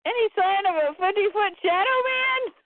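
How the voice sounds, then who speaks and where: A woman's voice: extremely high pitch, animated, normal speed, no echo, pitched above the performer's own voice. A woman voicing a brave teenage boy hero who talks in an urgent, heroic way. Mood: earnest. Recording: dry tinny phone-like sound.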